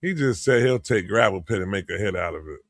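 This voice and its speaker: A man's voice: on the low side, expressive, fairly quick, dry recording, clean studio sound. A man co-hosting a podcast, teasing and repeating his jokes in casual chat. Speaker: podcast co-host.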